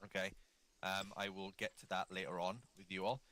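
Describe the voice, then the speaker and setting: A man's voice: deep voice, level tone, fairly quick, a bit bright. A man leading a gaming unit, chatting casually over voice chat and acting out the quotes in his stories. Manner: chatty storyteller, acts out quotes. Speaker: milsim unit leader.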